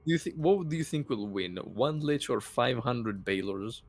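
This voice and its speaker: Gravelly, lively-voiced man joking at the table. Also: medium pitch, a little slow. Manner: playful, jokey banter. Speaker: player. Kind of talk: casual chat at a tabletop game.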